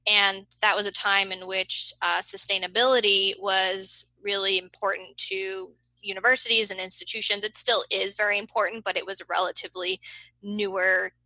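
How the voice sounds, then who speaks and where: A woman in her thirties talking as an interview guest in a friendly, relaxed way, with frequent ums and easy laughter. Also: medium pitch, normal speed, no echo, low-quality recording. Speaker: podcast guest, marketing agency co-founder. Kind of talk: casual interview conversation.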